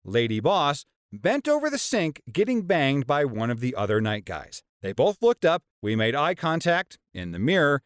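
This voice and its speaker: A man narrates reader-submitted stories in a scripted voice-over. His pitch moves a lot, giving the reading an animated feel. The recording is dry and close, with no room sound. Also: normal speed, smooth, no room sound. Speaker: story narrator.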